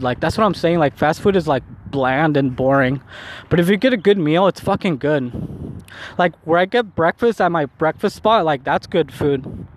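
A young man talks into his phone as he walks through the city, chatting loosely and packing his sentences with "like." His voice sits a touch high for a man. Street traffic and city noise come through clearly on the phone recording. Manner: rambling, heavy use of "like". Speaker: vlogger. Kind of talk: casual walking vlog monologue.

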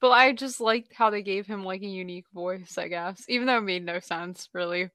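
A woman's voice: medium pitch, brisk, fairly bright tone, dry recording. A young woman chatting casually on a voice call, giggly and full of "like". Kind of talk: casual chat. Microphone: voice chat call.

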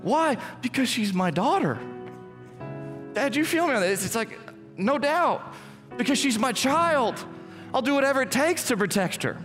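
A young adult male pastor giving a casual, joking sermon in a church hall. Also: moderate pace. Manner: casual, joking preacher, lively swings in pitch. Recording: echoey church hall with music.

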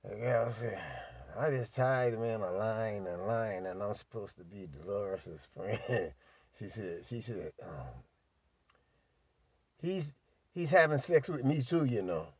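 An older man telling a profane story in casual chat, animated and laughing as he goes. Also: on the low side, measured pace, breathy edge, no room sound.

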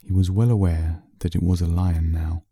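A man reading a bedtime story aloud in a slow, soothing narration. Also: deep voice, level tone, mellow, husky, dry recording, studio quality.

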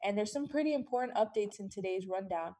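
A woman's voice: mid-range voice, fast, dark tone. A young woman in her twenties hosting a radio show, chatty and friendly with light laughs.

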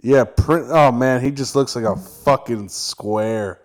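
Slow laid-back man in casual chat. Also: medium pitch. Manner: slow, laid-back, swears and says "dude" a lot. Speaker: podcast co-host.

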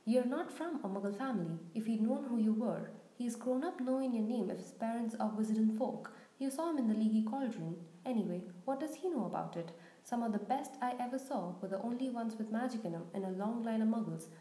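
A huge, kindly groundskeeper with a folksy, blunt way of talking, put on by a woman reading aloud. The voice stays mellow and a little raised. The room adds a roomy echo. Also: fairly high pitch, animated, a little fast, hardly any pauses. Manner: folksy, blunt, homely speech. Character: big gruff kindly groundskeeper, a giant man.

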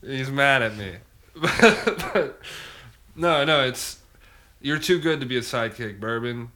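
Bright-voiced cocky man hosting a podcast. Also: mid-range voice, expressive, slow pace, a little hiss or hum. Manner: cocky, mock-boastful and teasing. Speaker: comedy podcast host. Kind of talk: improvised comedy banter.

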